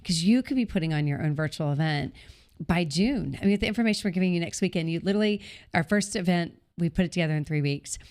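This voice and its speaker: A woman's voice: fairly low pitch, fast talker, darkish tone. A woman hosting a live online Q&A, speaking with enthusiastic, coaching energy. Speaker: host and event organizer. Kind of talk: live online Q&A, motivational pitch.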